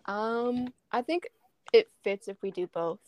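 A woman's voice: mid-range voice, measured pace, darkish tone, a little hiss or hum. A young woman co-hosting a casual podcast chat, eagerly jumping in to add details. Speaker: podcast co-host.

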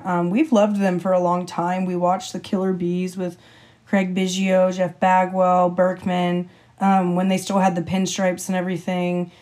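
A young woman co-hosts a casual chat, spinning stories with energy. Her voice is mellow and low in brightness, and she jumps up in pitch when she acts out what others said. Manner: animated storyteller, acts out quotes with a lifted voice. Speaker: podcast co-host.

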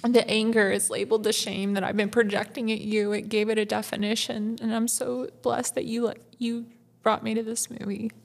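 A woman's voice: on the high side, level tone, moderate pace, creaky. Raw, profane woman confessing her fears. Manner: raw, intense, profane, rising to tearful. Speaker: podcast co-host. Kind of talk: emotional personal confession.

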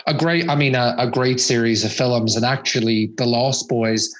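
Easygoing guy on a podcast, agrees a lot, average pitch. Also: fairly even intonation, moderate pace, rough recording. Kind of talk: casual chat.

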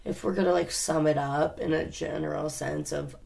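A woman's voice: sits low, steady tone, normal speed, gravelly, mellow. A woman co-hosting a travel podcast, chatting casually with lots of "like" fillers and easy laughs. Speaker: podcast co-host. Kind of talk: casual chat.

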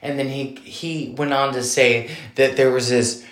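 A man in his thirties telling a story casually, animated and indignant, with many fillers. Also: mid-range voice, unhurried, roomy sound. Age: 30s.

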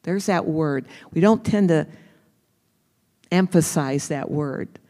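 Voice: medium pitch, takes it slowly, mellow, long reverb tail. A preacher giving a sermon, emphatic, repeating phrases and calling on the listeners directly.

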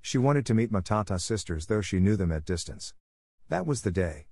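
A man reading a story aloud in a measured, slightly halting way. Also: fairly low pitch, expressive, mellow, breathy edge, dry recording, studio quality.

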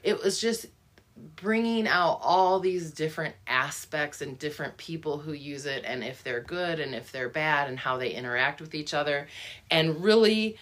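A woman with a low, expressive, fairly bright voice talks through a book at a normal pace. The discussion is casual and musing, and she often restarts sentences and leans on fillers.

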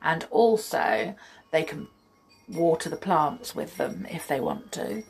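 A woman reading a children's story aloud with expressive, slow delivery and whispered asides. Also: sits low, gravelly, breathy edge.

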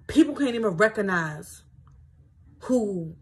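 Husky rambling woman from D.C. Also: mid-range voice, lively intonation, takes it slowly. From Washington, D.C. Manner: loose and rambling, heavy fillers, reflective. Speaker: podcast host. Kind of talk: casual personal reflection, reading from a self-help book.

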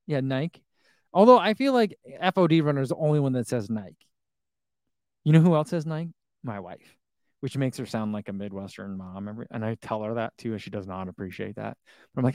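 A man in his thirties talks in a loose, rambling way on a live stream, reading viewer comments aloud and chuckling often. His voice sits at an ordinary middle pitch. The sound is dry and close, with no room around it. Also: moderate pace, darkish tone, clean tone, dry recording. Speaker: running shoe vlogger reading live chat. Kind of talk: casual live-stream chat.

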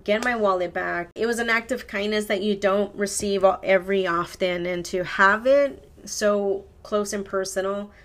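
A woman hosting her own podcast, telling a long story in a casual, rambling way, swearing and correcting herself as she goes. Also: mid-range voice. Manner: rambling, profane, self-correcting. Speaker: podcast host.

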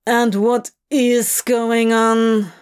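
A woman voicing a sour, grumpy male demon in a fan audio drama, slow and irritable. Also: a little high, expressive. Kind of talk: podfic voice acting.

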